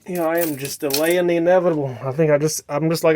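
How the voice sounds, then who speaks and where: A man's voice: fairly high pitch, steady tone, fast, hardly any pauses, a little mellow, a little hiss or hum. A tipsy man rambling to camera outdoors at night, repeating himself, swearing and musing aloud to viewers he calls his children. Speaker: vlogger in a "Mother" persona. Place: outdoors at night beside a bar.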